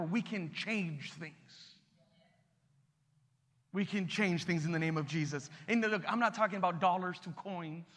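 High bright-voiced preacher, echoing hall. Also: male voice. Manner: energetic, call-and-response preaching. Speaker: pastor. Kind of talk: sermon. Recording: long reverb in a hall.

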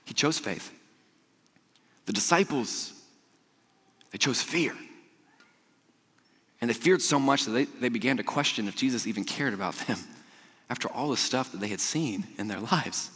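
A young man preaching a casual, storytelling sermon as a youth pastor, chatty and animated, laughing often and stumbling over repeated words. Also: medium pitch, moderate pace, pauses often, husky. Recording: long hall reverb.

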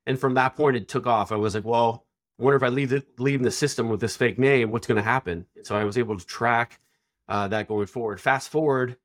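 A middle-aged man guest on a business podcast, telling stories in a casual, animated way and acting out quoted dialogue. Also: medium pitch. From Texas. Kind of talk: casual storytelling.

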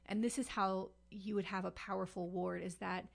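A woman's voice: medium pitch, little pitch movement, normal speed, vocal fry. A woman co-hosting a podcast, telling a story in a chatty way with lots of fillers and asides. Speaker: podcast co-host. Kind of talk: casual podcast chat.

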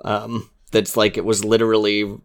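A man in casual podcast chat, talking earnestly about a game with fillers and soft asides. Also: fairly low pitch, completely flat delivery, normal speed. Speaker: podcast co-host.

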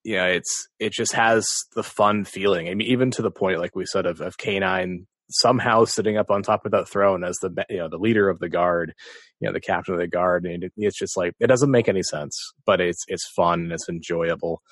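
A man's voice: deep voice, steady tone, fairly quick, fairly bright tone, dry recording, studio quality. A man in a casual podcast chat, rambling through thoughtful analysis. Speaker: podcast co-host.

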